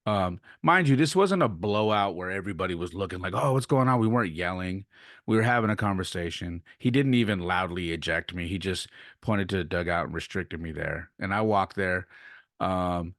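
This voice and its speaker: Low-voiced man telling a story. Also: normal speed, no echo, clean studio sound. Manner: animated retelling, acts out quoted exchanges. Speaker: podcast host and youth baseball coach. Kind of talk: casual storytelling monologue.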